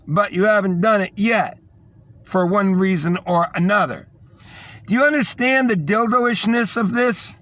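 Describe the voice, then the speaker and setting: A man's voice: high voice, a bit bright, no room sound. A man delivering a rambling, scornful monologue, repeating himself as he tells a story. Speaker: podcast host. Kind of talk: ranting monologue.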